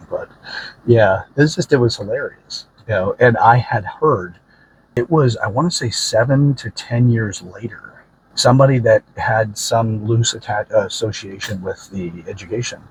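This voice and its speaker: A man's voice: fairly low pitch, a little hiss or hum, low-quality recording. A man hosting a podcast, telling a story casually, rambling and correcting himself with many fillers. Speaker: podcast host.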